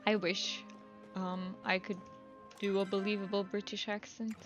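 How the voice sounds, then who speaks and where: A woman's voice: mid-range voice, unhurried. Woman, young adult, game streamer, chatty, laid-back, faint music. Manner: relaxed, chatty, laughs easily. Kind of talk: casual live-stream chat.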